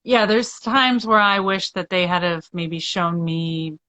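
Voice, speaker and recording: A woman's voice: lowish voice, unhurried, sharp tone, dry recording. A woman co-hosting a casual chat, asking long, meandering questions and agreeing often. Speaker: co-host.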